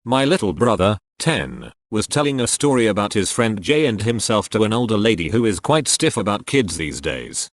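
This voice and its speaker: A man reading short anecdotes aloud in a steady, matter-of-fact way. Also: fairly low pitch, moderate pace, hardly any pauses, dry recording, studio quality. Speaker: narrator reading online posts.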